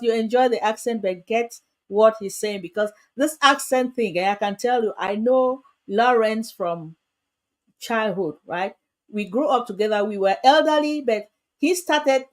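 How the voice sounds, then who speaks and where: A woman hosting a livestream chat, lively and speaking straight to her viewers. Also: a little high. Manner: lively, addresses viewers directly. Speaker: host.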